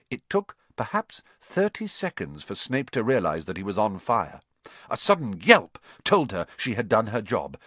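A man narrating an audiobook with expressive storytelling. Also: medium pitch, no room sound. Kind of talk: scripted narration.

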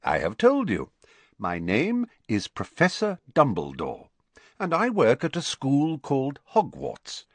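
Storybook elderly wizard teacher, patient and formal, slow and unhurried, voiced by a man. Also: medium pitch, huge pitch swings, dry recording, pitched above the performer's own voice, full character voice. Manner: patient, measured, gently formal. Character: calm, patient elderly male headmaster wizard.

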